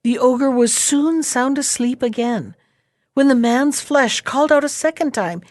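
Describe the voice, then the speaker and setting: A woman reading a fairy tale aloud in a slow, measured storybook manner. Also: sits high, a little mellow, dry recording, clean studio sound.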